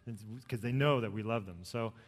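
A man's voice: on the low side, a little fast. Man preaching in a reverberant hall. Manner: dramatic, rises to loud emphatic peaks then drops soft. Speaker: pastor. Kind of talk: sermon.

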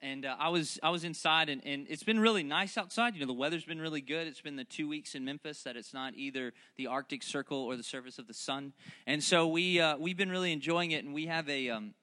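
Bright-voiced pastor preaching. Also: male voice, fairly high pitch, fairly quick. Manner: joking asides, building to fervent repeated calls. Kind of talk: sermon.

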